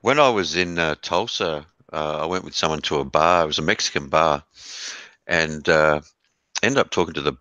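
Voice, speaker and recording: Deep, bright Australian man chatting. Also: moderate pace, no echo, muffled recording. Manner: laid-back, laughs often, says mate. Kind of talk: casual chat.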